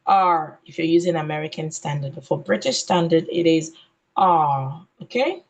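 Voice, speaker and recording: A woman training teachers in phonics, modelling letter sounds slowly and deliberately and checking in with "okay?". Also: low-pitched, lively intonation, darkish tone, poor audio. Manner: ends points with a questioning "okay?".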